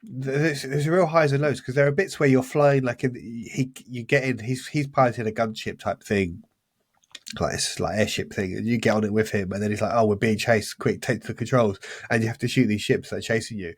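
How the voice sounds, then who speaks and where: A man's voice: medium pitch, brisk, husky, dry recording. A man co-hosting a casual podcast, talking enthusiastically and rambling with restarts. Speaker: podcast co-host.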